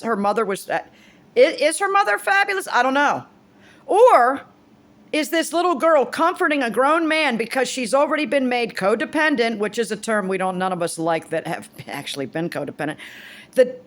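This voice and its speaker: A woman in her fifties talking casually to camera, rambling and blunt, swearing freely and restarting her sentences. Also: mid-range voice. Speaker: vlogger.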